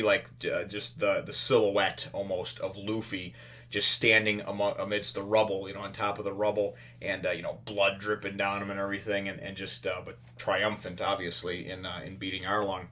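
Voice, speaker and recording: Rambling low-voiced man reviewing a chapter. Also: pushed and bright. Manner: rambling, filler-heavy retelling with playful voiced-out character quotes. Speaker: manga review host.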